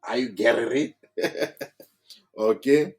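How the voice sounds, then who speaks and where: Guy lecturing at a whiteboard, real slow, kinda husky voice, faint music behind. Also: medium pitch, darkish tone, rough recording. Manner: slow, deliberate, repeats phrases word by word. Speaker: teacher.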